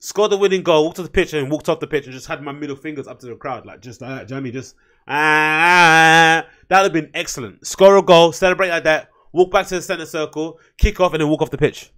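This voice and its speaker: A man's voice: on the high side, quick pace. A man hosting a solo podcast, talking in a loose, rambling way with frequent swearing. His voice sits a little above the usual male range, and he flares up into heated outbursts. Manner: blunt, profane, rambling, heated. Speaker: podcast host. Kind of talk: casual solo rant.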